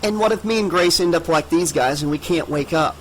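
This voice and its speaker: A man's voice: fairly high pitch, fairly quick, fairly bright tone, slight background noise, lightly acted, poor audio. A man voicing an earnest, worried teenage girl in an audiobook.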